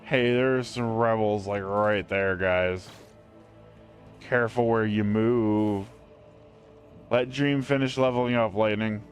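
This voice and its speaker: A man's voice: on the low side, slow pace, long pauses, soft background music. A man streaming a game with friends, chatting casually and joking. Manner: joking, relaxed. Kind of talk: casual gameplay chat.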